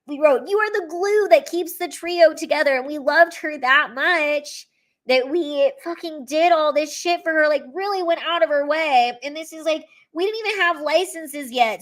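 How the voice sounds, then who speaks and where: Speaking to fans on a livestream, this young woman comedian has a high, fairly bright voice. The chat is casual and tearful, with lots of rambling and free swearing.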